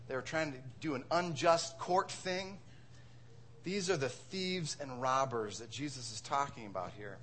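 A man's voice: a little high, fairly bright tone, a little hiss or hum. A man from Wisconsin preaching a sermon as pastor, conversational, asking rhetorical questions and repeating words.

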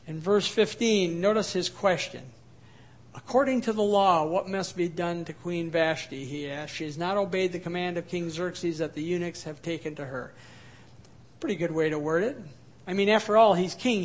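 A man preaching a sermon, turning loud and forceful on points of emphasis. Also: high-pitched, moderate pace. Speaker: pastor.

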